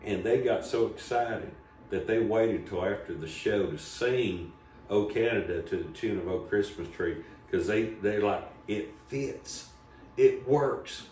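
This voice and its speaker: A man's voice: lowish voice, unhurried, darkish tone. A man, hosting a comedy show and telling a rambling, folksy story. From Southern Appalachia, US. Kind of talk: casual storytelling. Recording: echoey room, voice from a distance, faint background noise.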